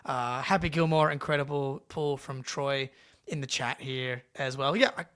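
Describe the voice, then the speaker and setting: A man co-hosting a casual sports podcast, animated and swearing casually as he chats. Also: mid-range voice, normal speed, smooth. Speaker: podcast co-host.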